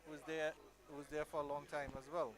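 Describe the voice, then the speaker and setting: A man doing live cricket commentary, measured between balls and loud and excited on big shots. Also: a little high.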